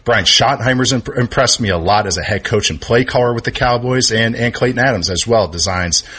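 A man's voice: mid-range voice, brisk, bright, forceful tone, slightly rough. A man who is a football analyst guest, talking casually and enthusiastically as he thinks aloud through his picks. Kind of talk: casual sports talk.

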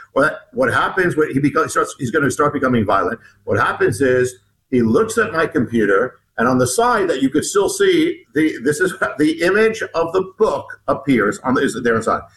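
A man, an author appearing as a guest, recounting a personal story in an interview, halting with frequent restarts and repeated words. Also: mid-range voice, a bit bright, slight background noise, poor audio.

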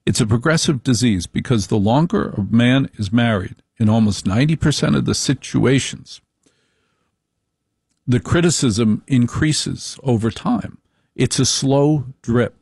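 A middle-aged man with a gravelly, creaky voice, delivering a slow, wry monologue as host. He leans on repeated phrases, and the recording is dry and close. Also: medium pitch, darkish tone, dry recording. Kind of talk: opinion monologue.

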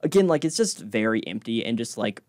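Man as game master for a tabletop game, chatty and rambling, even middle pitch, dry close recording. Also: fairly quick, no echo. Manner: rambling, explains rules with many fillers.

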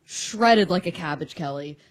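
A woman's voice: fairly low pitch, expressive, a little slow. A woman co-hosting a radio show, playful and laughing in casual banter. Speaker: radio co-host.

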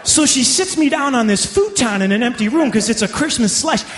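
A male stand-up comedian telling a story in an animated, self-mocking way. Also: very high voice, fairly quick, slight background noise.

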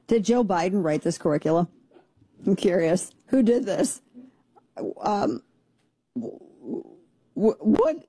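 A man's voice: sits high, lively intonation, slow, long pauses, mellow, no room sound. A man hosting a talk radio show, reacting to a video with incredulous jokes and rambling restarts. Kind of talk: casual talk radio commentary.

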